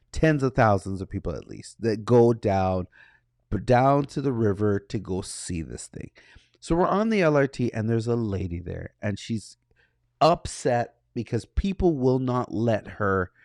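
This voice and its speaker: A man co-hosting a podcast, telling a personal story in a casual way and acting out the dialogue with animated energy. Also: fairly low pitch, measured pace, creaky, no room sound, clean studio sound. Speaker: podcast co-host.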